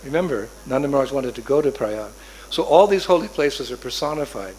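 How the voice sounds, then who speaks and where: A man preaching a sermon as an animated storyteller, narrating a sacred story and acting out its voices. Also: mid-range voice, a little fast, slight background noise.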